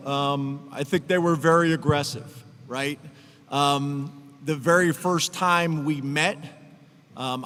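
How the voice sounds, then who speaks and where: A man with a high, bright-edged speaking voice gives an earnest, emotional press conference address, stumbling into restarts and fillers now and then. His voice rings out with a long reverb tail, as if in a large hall. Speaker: head football coach.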